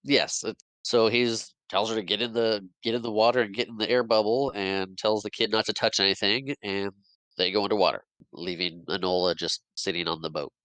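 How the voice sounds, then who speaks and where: A man's voice: on the low side, fairly even intonation, brisk, a bit bright, clean tone, dry recording, rough recording. A man co-hosting a podcast, retelling a film scene by scene in casual chat, with frequent restarts and small laughs. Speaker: podcast co-host. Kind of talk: casual movie recap chat.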